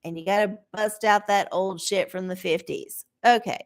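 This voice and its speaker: A woman's voice: mid-range voice, fairly even intonation, moderate pace. A middle-aged woman reading oracle answers on a live stream, rambling, swearing and sarcastic. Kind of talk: casual live-stream chat.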